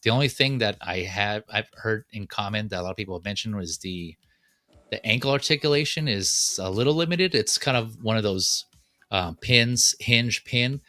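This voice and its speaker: A man's voice: lowish voice, animated, moderate pace, sharp tone, dry recording, studio quality. A man hosting a casual chat about collectible figures, walking through the details with plenty of fillers. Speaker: podcast host.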